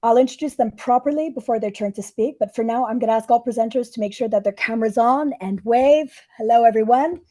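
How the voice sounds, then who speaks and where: A middle-aged woman with a hoarse, scratchy voice from losing it, hosting an online webinar in an upbeat, businesslike way. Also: on the high side, fast talker, few pauses, warm tone. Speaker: webinar host, diplomat. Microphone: microphone.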